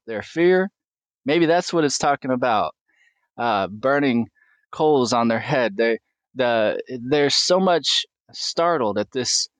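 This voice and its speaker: A man's voice: medium pitch, no room sound. A man preaching a sermon, earnestly asking questions and reading scripture aloud with small stumbles.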